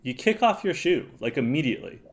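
A man's voice: medium pitch, very animated, fairly quick. A man co-hosting a podcast, chatting casually and bluntly about a reality show and laughing often. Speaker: podcast co-host.

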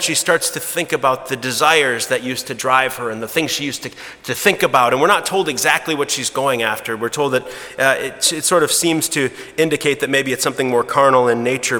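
A man preaching a sermon in a relaxed storytelling way, with frequent restarts, who drops to a hushed voice at the emotional moments. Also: medium pitch, normal speed. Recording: long reverb of a large hall.

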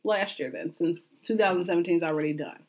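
A woman's voice: lowish voice, expressive, a little fast, background noise. A woman hosting a casual podcast chat, asking the group questions in a playful way.

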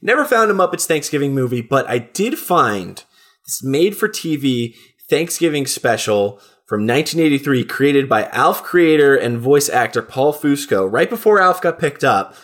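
A man talking loosely in casual chat, with a mid-pitched voice. He rambles, curses freely and drops into goofy impressions now and then. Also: expressive, moderate pace, fairly bright tone. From New Jersey area, US. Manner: rambling, profane, breaks into silly put-on voices. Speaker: podcast co-host.

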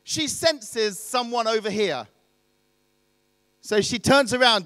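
A man with a notably high voice delivers a storytelling sermon, talking to his listeners conversationally and posing questions as he goes. The sound is close and dry, with almost no room echo. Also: takes it slowly, pushed and bright. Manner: conversational, asks rhetorical questions. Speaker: preacher.

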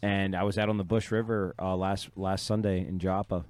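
Deep-voiced man in slangy chat. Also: flat delivery, normal speed, darkish tone. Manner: laid-back slangy banter. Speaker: podcast co-host. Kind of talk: casual chat.

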